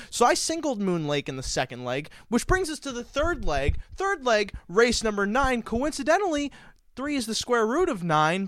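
A man's voice: high-pitched, fairly bright tone, dry recording, clean studio sound. A man hosting a racing podcast, asking the panel questions and throwing in wordy jokes and asides. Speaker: podcast host. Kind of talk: casual handicapping chat.

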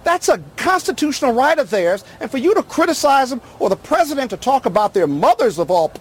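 A man debating as a political commentator on a cable news panel, forceful and talking over his opponent. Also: very high voice, very animated, a little fast.

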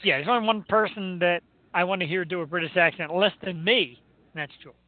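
A man's voice: high-pitched, fast talker, no room sound. A man hosting a radio show, chatting casually in a joking, self-mocking way. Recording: tinny phone-like line.

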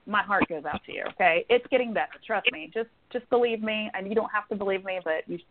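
A woman's voice: medium pitch, quick pace. A woman giving a psychic reading to a caller, reassuring and affectionate, calling her honey and sweetheart. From northern United States. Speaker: psychic medium guest. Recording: tinny phone-line sound.

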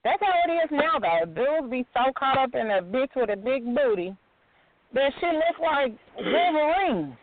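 A woman talks bluntly, with a mid pitch and no frills. The sound is dry and narrow, like a phone call. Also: very animated, unhurried, no room sound. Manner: blunt and profane. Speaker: co-host. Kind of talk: casual podcast chat. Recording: tinny phone-like line, dry.

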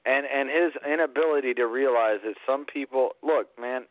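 A man's voice: mid-range voice, moderate pace. A man on a casual podcast, ranting bluntly with heavy swearing. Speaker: co-host. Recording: tinny phone-line sound.

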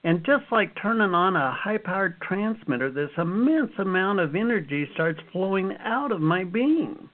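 A man in his fifties, an author telling lively stories from his life as an interview guest. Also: high voice, normal speed, hardly any pauses. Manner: animated storyteller, acts out his own past reactions. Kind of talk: storytelling interview answers. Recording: phone-like narrow sound.

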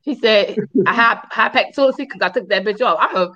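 A woman talks briskly over dull audio with crowd noise behind her. She co-hosts a podcast and tells a story in casual, profane chat, animatedly acting out what people said in high squeals.

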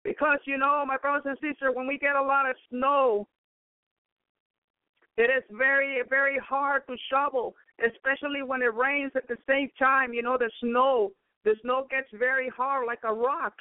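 A woman's voice: high voice, little pitch movement, moderate pace, no echo. A woman preacher giving a fervent spoken testimony, repeatedly breaking into praise. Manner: fervent, peppered with praise exclamations. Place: home in Chicago. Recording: dry, phone-like narrow sound.

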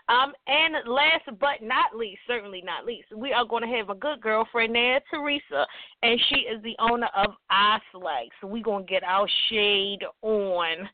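A woman in her thirties hosts her own radio show, chatting playfully and teasing herself while running through event plans. Her voice is a little high, and the recording is dry and tinny, like a phone, with no echo.

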